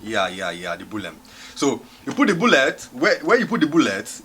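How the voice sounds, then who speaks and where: A young man telling a comic storytime story on his vlog, animated and laughing as he goes. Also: medium pitch, brisk, few pauses, slight background noise. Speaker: vlogger.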